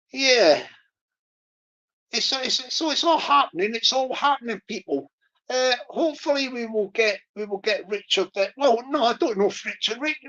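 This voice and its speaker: A woman's voice: fairly high pitch, a bit bright, lo-fi sound. A woman hosting a casual livestream, rambling with lots of fillers and restarts. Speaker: livestream host.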